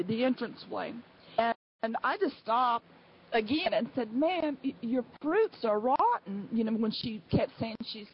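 A woman giving a personal testimony to her church, speaking earnestly and haltingly, with many restarts. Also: a little high, muffled recording, slight background noise.

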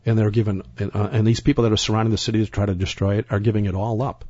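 Husky male preacher, lowish voice, dry dull lo-fi sound, emphatic and rambling. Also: little pitch movement, rapid-fire, mellow, dry recording. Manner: emphatic, rambling, repeats words and restarts. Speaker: Bible teacher. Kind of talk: sermon-style Bible teaching.

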